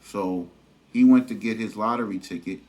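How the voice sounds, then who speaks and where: A man's voice: on the low side, moderate pace, a little mellow. Laid-back New man telling a story. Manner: conversational, slangy, lots of fillers and "you know what I'm saying". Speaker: vlogger. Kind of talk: casual storytelling vlog.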